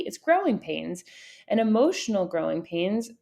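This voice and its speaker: A woman's voice: mid-range voice, animated, normal speed, creaky, darkish tone. A woman in her thirties co-hosting a podcast, talking earnestly and reflectively in casual chat with frequent fillers. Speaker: podcast co-host.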